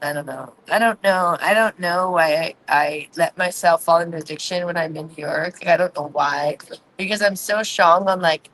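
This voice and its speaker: A woman in her forties chatting candidly on a livestream, rambling and confessional, filmed outdoors on a quiet city street at night with a phone on a tripod. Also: lowish voice, normal speed, slight background noise, poor audio. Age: 40s. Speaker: vlogger hosting a livestream. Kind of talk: casual livestream chat. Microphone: phone on a tripod, no earphones.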